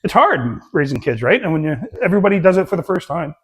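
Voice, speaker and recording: A middle-aged man on a casual podcast, telling family stories in an animated way, with frequent "uh" and "right?". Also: fairly high pitch, fast talker, breathy edge. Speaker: podcast co-host. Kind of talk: casual chat, storytelling.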